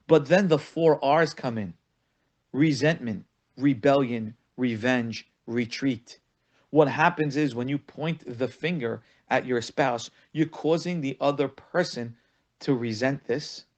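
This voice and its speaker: Animated rabbi teaching about marriage. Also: male voice, mid-range voice, slow pace, muffled recording. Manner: animated storytelling, acting out quoted callers; repeats words for emphasis. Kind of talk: spoken lesson.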